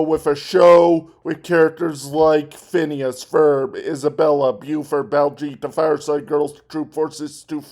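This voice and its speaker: A man's voice: on the high side, a little mellow. A man hosting a casual commentary vlog, rambling and correcting himself as he talks. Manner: rambling, self-correcting, chatty. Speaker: vlog host.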